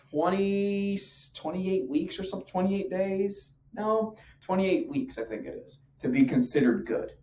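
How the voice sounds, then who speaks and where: A man coaching on fitness habits in an emphatic, slangy, punchy motivational talk to camera. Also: sits high. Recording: echoey room.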